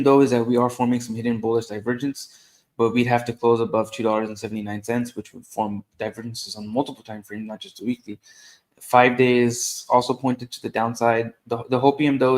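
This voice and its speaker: A man talks through chart analysis and price targets in a steady, methodical way. His voice sits at a middle pitch. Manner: steady explanation, occasional restarts. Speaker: market analyst.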